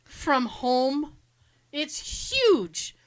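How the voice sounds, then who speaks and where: A woman co-hosting a podcast, telling animated stories in casual chat, swearing freely and laughing often. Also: high-pitched, extremely slow. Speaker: podcast co-host.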